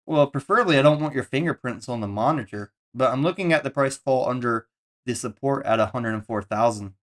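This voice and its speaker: A man's voice: mid-range voice, brisk. A man streaming live, talking casually and asking questions with a dry, wry manner. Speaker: streamer and crypto trader.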